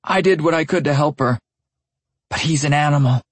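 A man's voice: a little high, brisk, husky, no room sound, pitched above the performer's own voice. A man voicing a bloodied, lying man who talks in a nasal, choked voice. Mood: lying, indignant.

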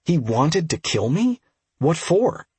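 A man playing a calm young healer. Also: a little high, takes it slowly, breathy edge, dry recording, heavily acted.

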